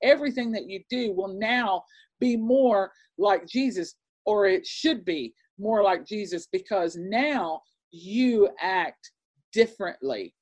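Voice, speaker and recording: A woman's voice: mid-range voice, takes it slowly. Earnest woman preaching a sermon. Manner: earnest, frequent fillers and restarts, excitable. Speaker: Bible teacher. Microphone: presentation with on-screen slides.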